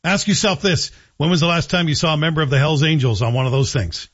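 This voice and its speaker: A man's voice: a little high, fast, fairly bright tone, breathy edge, dull audio. A man hosting a talk radio show, giving sardonic, opinionated commentary. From Scotland.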